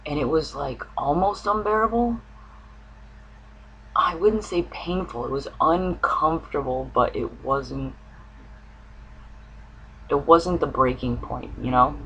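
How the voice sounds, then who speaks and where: A man's voice: medium pitch, pushed and bright, a little hiss or hum, low-quality recording. A man telling a personal dream story to the camera, earnest and searching for words, with an occasional cough. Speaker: spiritual vlogger.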